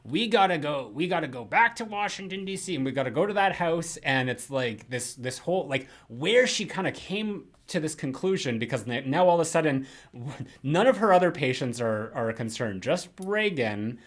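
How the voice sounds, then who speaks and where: A young man rants about a film on a casual podcast, slipping in quick mocking impressions of its characters. His voice sits a little high and swings widely in pitch. He rambles with lots of fillers and restarts. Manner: animated, mocks characters in put-on quotes, rambling with many fillers. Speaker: podcast co-host.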